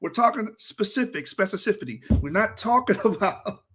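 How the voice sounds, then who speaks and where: Animated high-voiced exasperated man. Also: normal speed, breathy edge. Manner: exasperated, animated ranting with laughs and profanity. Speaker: debate reviewer. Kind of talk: reaction commentary over a played debate.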